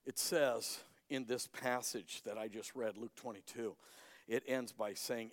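A male pastor preaching a sermon dramatically, swinging between loud emphasis and hushed lines. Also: fairly low pitch, slow, pauses often. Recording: echoey hall.

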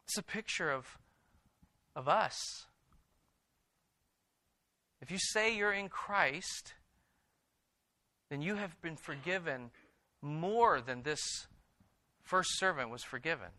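A man's voice: a little high, lively intonation, slow, pauses often, sharp tone. A man preaching a sermon, reading scripture aloud and then exhorting his congregation with emphatic repetitions. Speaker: pastor.

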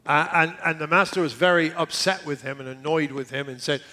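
A middle-aged man preaching a sermon earnestly, repeating key words and often dropping to a hushed near-whisper. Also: fairly high pitch, steady tone, brisk. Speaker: pastor.

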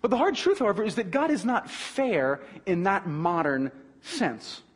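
High, lively-voiced preacher in a reverberant hall. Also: male voice, moderate pace, breathy edge. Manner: animated, emphatic preaching with restarts. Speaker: pastor. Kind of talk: sermon.

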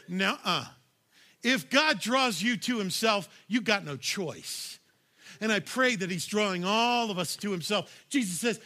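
A male pastor with a high, bright, ringing voice delivering a sermon. He talks conversationally and directly to the congregation. He hammers home his points with bursts of raised volume. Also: expressive, a little slow. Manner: emphatic, punchy, shouts key lines; conversational, addresses audience directly.

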